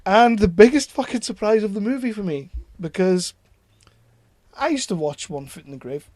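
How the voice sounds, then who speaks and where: A man, co-hosting a casual film podcast, excitable and swearing freely. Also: high voice, normal speed, dry recording. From North East England. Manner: excitable, swears freely, laughs while talking. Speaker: podcast co-host.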